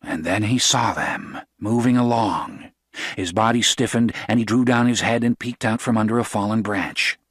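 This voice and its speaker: A man narrating a novel as an audiobook, in a steady, even storytelling voice. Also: fairly low pitch, normal speed, dry recording, clean studio sound.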